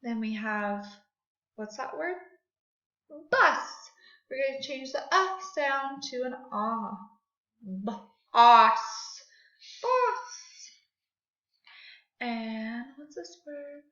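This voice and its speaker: Woman teacher, high bright voice, very slow exaggerated phonics drills, echoey room. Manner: slow, exaggerated sounding out of words for children. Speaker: second grade teacher. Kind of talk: online phonics lesson. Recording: echoey room, dull lo-fi audio.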